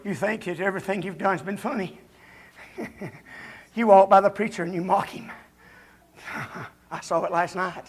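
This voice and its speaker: Husky high-voiced preacher. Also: male voice, fairly even intonation, a little slow, pauses often. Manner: folksy, confrontational, rising to shouts. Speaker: visiting preacher. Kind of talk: revival sermon. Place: church during a revival service.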